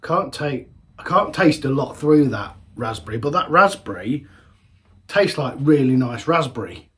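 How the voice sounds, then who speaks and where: A man's voice: medium pitch, sing-song, moderate pace, a bit bright. A man in a casual beer-tasting vlog, chatty and rambling, often correcting himself mid-sentence. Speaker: homebrewer reviewing beers.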